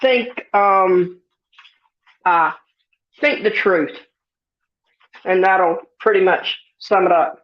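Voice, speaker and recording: A woman chats to her livestream viewers in a slow, folksy drawl, giggling now and then. She sounds a little sniffly. The stream audio is dull and lo-fi. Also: mid-range voice. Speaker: livestream host. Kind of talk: casual live chat reading comments.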